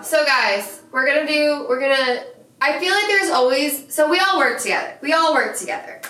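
A woman co-hosting a podcast in casual chat, animated, swearing freely and mimicking friends. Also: sits high, moderate pace. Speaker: podcast co-host. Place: hotel room or rented space. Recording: echoey room, mic at a distance.

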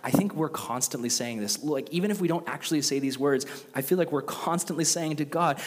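A man preaching a sermon in a casual, conversational and animated way. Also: a little high, fairly quick, hardly any pauses. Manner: conversational, animated, with acted quotes. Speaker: pastor. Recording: long reverb of a large hall.

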